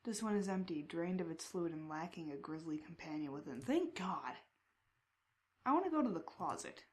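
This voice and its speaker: A woman playing a text adventure, reading the descriptions aloud and breaking into excited reactions. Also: on the low side, moderate pace. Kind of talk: casual game playthrough.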